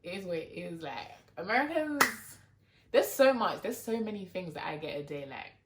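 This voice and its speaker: A young woman with a London accent talks casually to camera for YouTube, her fairly low, expressive voice at normal speed and the audio very noisy with a roomy echo. She comes across as exasperated and talky, relying on "like" a lot.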